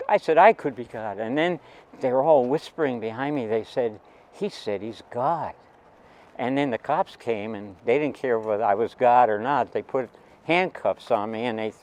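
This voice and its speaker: An older man recalling a teenage memory, talking in a halting, rambling way with many restarts. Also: mid-range voice, darkish tone, rough recording. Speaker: storyteller. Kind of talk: personal anecdote.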